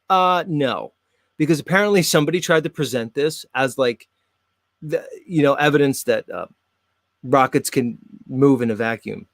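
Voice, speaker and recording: A man's voice: a little high, moderate pace, a bit bright, no room sound. A man hosting his own show, chatting casually and talking straight to his viewers while he comments on videos. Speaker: host.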